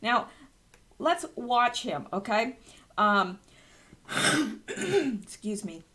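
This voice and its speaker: A woman's voice: on the high side, big pitch swings, drawn-out words, bright, forceful tone. A woman hosting an online commentary show, reading news aloud with scornful, incredulous remarks. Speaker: channel host.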